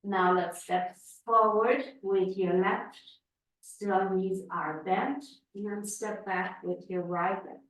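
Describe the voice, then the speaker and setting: A woman yoga instructor giving slow, calm spoken cues through a class. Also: medium pitch, distant mic. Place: yoga studio. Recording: echoey room, voice from afar.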